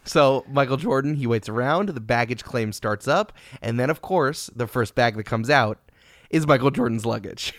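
Male podcast co-host, mid pitch, dry close sound, mock-furious teasing, laughs a lot. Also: moderate pace, no echo. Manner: mock-outraged teasing, giggly. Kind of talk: casual banter and story reading.

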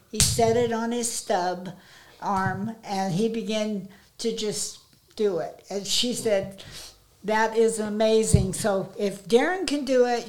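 A woman's voice: medium pitch, darkish tone, rough recording. An older woman recalls family memories in a loose, rambling way. She often restarts her sentences and speaks tenderly. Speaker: guest, host's mother. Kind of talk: casual storytelling.

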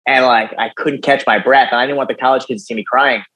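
A young man speaks as a podcast guest, recounting his life story in a loose, conversational way. He keeps it animated and casual, tossing in "dude" and "right?" as he goes. His voice sits in an ordinary middle pitch. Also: fast talker, low-quality recording. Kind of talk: personal storytelling in an interview.

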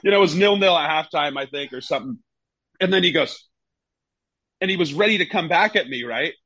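Man telling animated football stories. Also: fairly high pitch, brisk, dry recording, poor audio. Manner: animated storyteller, acts out coaches in raised voice. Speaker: former goalkeeper, guest. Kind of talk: casual interview storytelling.

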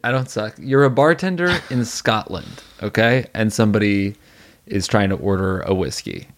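A man's voice: lowish voice, lively intonation, moderate pace. A man co-hosting a comedy podcast, needling and bossing his partner with teasing challenges. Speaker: podcast co-host. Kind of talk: casual comedy banter.

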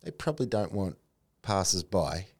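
Lively Australian man telling stories. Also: sits low, moderate pace, creaky, crowd noise. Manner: animated storyteller, colourful slang. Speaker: podcast host. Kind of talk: casual chat.

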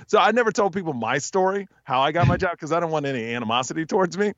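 A man telling stories in a casual podcast interview, with a smooth radio-announcer voice. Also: mid-range voice, expressive, quick pace, hardly any pauses, dry recording, dull audio. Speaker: podcast guest, TV host and stand-up comic.

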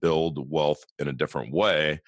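A man with a low voice and a West Coast American accent chats casually as a podcast co-host. He often leans on rhetorical questions. The sound is dry and close, with no room around it. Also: fairly even intonation, moderate pace, no echo. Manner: conversational, asks rhetorical questions.

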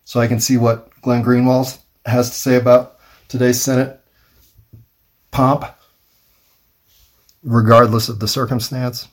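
A man rambling through a wry, self-mocking solo monologue, thinking aloud with pauses. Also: mid-range voice, level tone. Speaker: vlogger.

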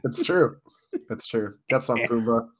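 A man's voice: mid-range voice, unhurried, breathy edge. Tired easygoing man on a podcast. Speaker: podcast co-host. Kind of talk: casual podcast chat.

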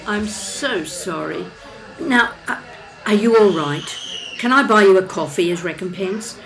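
A woman narrates and chats with a stranger in a café in a casual scripted dialogue, asking curious, friendly questions. Her mid-range voice is animated yet unhurried, gravelly and a bit bright, with a little hiss or hum and poor audio.

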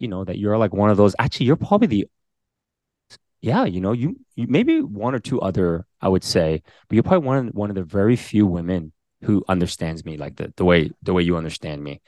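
Male pastor co-host, lower voice, earnest and halting, dry close mic. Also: lively intonation, darkish tone, dry recording. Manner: earnest, halting, many restarts. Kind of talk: casual chat.

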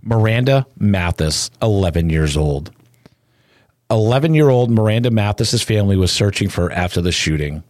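A man narrating a somber news report in a solemn, measured way. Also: fairly low pitch, expressive, a little mellow, no echo, clean studio sound.

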